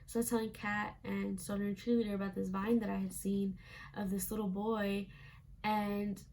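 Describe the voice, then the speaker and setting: A young woman tells a casual storytime vlog at home, chatty and sprinkled with "like" fillers as she acts out what people said. Her voice carries plenty of vocal fry, and a faint hiss sits behind it. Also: mid-range voice, flat delivery, moderate pace, a little mellow. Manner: chatty, frequent "like" fillers, acts out quoted lines. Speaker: vlogger.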